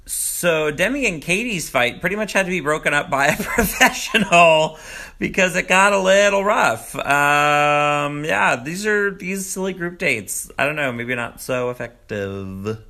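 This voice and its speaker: A man giving a casual, gossipy recap of a reality dating show, sometimes jumping up high in pitch to mock the contestants. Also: measured pace. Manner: animated, gossipy, swings into high mocking quotes. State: groggy morning voice. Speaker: recap vlogger. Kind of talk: casual commentary.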